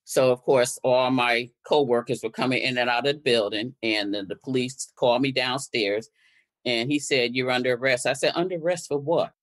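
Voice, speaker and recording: As a guest in conversation, an older Connecticut activist relates what happened, acting out quoted exchanges. She has a rumbling low voice with fairly even intonation, speaking at normal speed.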